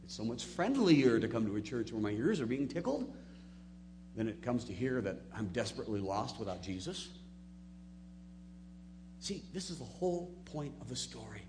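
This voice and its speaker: A man preaching a sermon, moving between soft, low asides and loud, emphatic peaks. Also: big pitch swings, moderate pace, pauses often, background noise. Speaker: pastor.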